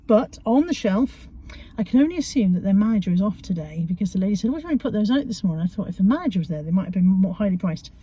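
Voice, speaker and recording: A woman's voice: medium pitch, animated, quick pace, warm tone, breathy edge. A middle-aged woman chatting casually from inside a car, rambling through her shop finds with self-mocking humour. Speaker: vlogger showing charity shop finds. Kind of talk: casual chatty haul video.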